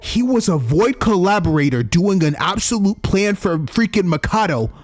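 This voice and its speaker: Excitable young man reacting to a game. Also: sits high, moderate pace, soft background music. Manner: excitable, loud reactions, slang and swearing. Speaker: gaming YouTuber. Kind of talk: let's play commentary.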